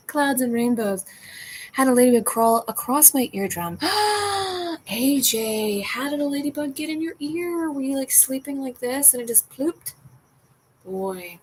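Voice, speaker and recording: A woman's voice: on the high side, animated, normal speed, darkish tone, a little hiss or hum, poor audio. A woman chatting casually at home during a livestream, rambling, restarting her sentences and sometimes dropping into a whisper. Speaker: streamer reading chat.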